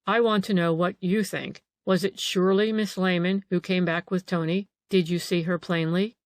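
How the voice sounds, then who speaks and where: A woman's voice: on the low side, moderate pace, dry recording, natural voice. Woman reading as a probing detective. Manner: calm, pressing questions. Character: probing male police detective. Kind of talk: audiobook character reading.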